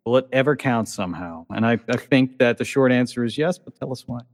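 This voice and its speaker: A man's voice: mid-range voice, fairly quick, no echo, clean studio sound, long reverb tail. A man hosting a casual interview, playful and joking as he reads listener questions. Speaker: podcast host.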